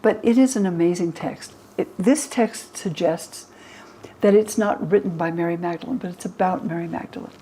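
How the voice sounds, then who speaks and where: Older woman, scholar explaining texts, mellow warm tone, faint background noise, acts out quotes. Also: normal speed, rough recording. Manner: lively, acts out the quoted speakers in higher voices. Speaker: religion scholar and guest. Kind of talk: explaining to an interviewer.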